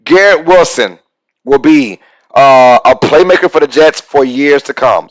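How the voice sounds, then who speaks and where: A man hosting a casual live-stream sports talk show, excitable and reading out chat comments as he goes. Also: medium pitch, a little slow, rough recording.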